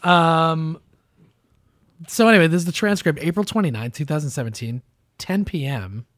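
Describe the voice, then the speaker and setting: A man's voice: fairly high pitch, normal speed, fairly bright tone, no echo, clean studio sound. A young man hosting a podcast, chatting casually in a joking, sarcastic way and laughing often. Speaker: podcast host. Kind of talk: casual chat.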